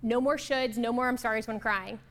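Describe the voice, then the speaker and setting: A woman's voice: fairly high pitch, steady tone, brisk, fairly bright tone. A woman facilitating a workshop, upbeat and affirming as she draws answers from the group. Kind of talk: interactive workshop talk.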